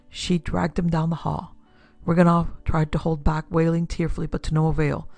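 A woman narrating a classic pulp detective story in a steady, measured way. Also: low voice, vocal fry, no room sound, faint music behind. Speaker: narrator and producer. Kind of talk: scripted audiobook narration.

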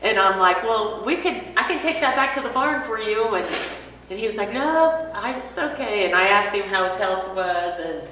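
Bright-voiced woman telling a story in an echoey room. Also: mid-range voice, moderate pace, far from the mic, slight background noise. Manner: animated storyteller, acting out quoted dialogue. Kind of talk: casual personal story. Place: church classroom.

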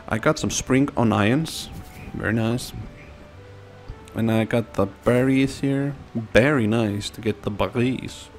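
Male gamer, casual play-along commentary, slow and playful, mid pitch. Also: a little mellow, faint music behind. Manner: playful, rambling, sing-song repeats.

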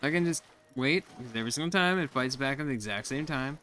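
A man giving casual commentary as he plays a game, talking to himself, often confused and quickly frustrated. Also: faint music behind. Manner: jumps to high excited exclamations when surprised. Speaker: gaming YouTuber. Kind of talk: casual let's-play commentary.

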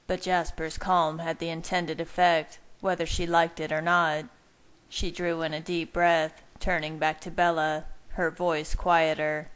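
A woman reading fan fiction aloud, her voice slightly low. She keeps a steady, even narrating pace between the characters' lines. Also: a little slow, clean tone. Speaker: reader.

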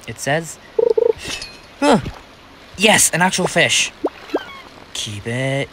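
A man's voice: on the high side, huge pitch swings, extremely slow, noisy background. A young American man giving rambling, casual commentary while playing a farming game, talking to himself with many restarts. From United States. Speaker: gaming channel host.

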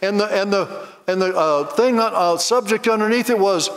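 A man's voice: high voice, moderate pace, a bit bright. A man preaching a sermon, repeating phrases emphatically and leading the congregation in call-and-response. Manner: leads the congregation in call-and-response and rhythmic mock laughter. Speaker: Bible college teacher preaching. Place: large church hall before a congregation. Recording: long reverb of a large hall.

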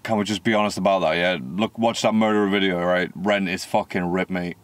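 A man's voice: sits low, fairly even intonation, fairly quick, dry recording. Swearing British man, dry close sound. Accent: British English. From United Kingdom. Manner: blunt, heavy swearing, mocking. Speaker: music reaction host. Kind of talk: casual reaction commentary.

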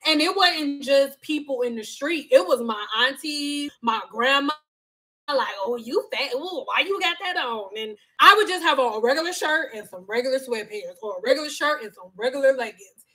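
Woman, thirties, high voice, casual vlog chat, frank, profane, joking, animated storyteller. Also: moderate pace. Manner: animated storytelling with acted quotes. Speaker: vlogger.

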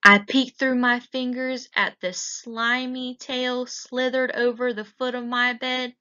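A woman teacher reading a picture book aloud in a slow, expressive way. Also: fairly high pitch, clear, resonant tone. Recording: dull lo-fi recording.

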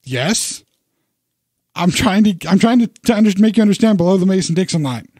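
Rambling, animated man. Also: high voice, brisk, no echo, studio quality. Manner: rambling, animated, self-deprecating. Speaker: podcast co-host. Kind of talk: casual chat.

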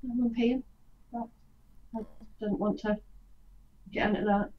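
A woman's voice: a little high, steady tone, measured pace. A woman co-hosting a live stream, speaking in a subdued, matter-of-fact way. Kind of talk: casual chat. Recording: dull lo-fi audio with faint hiss.

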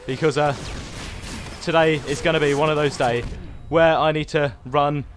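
A young gaming-channel host plays from home, talking at normal speed in a fairly high voice. His live commentary is excitable and wandering, and he keeps calling out to his viewers and teammate.

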